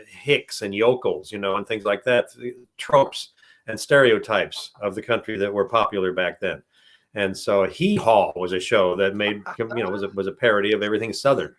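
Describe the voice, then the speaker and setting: An older male voice actor answering questions in a casual, rambling way, laughing often. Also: on the low side. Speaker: voice actor guest. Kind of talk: casual live-stream Q&A.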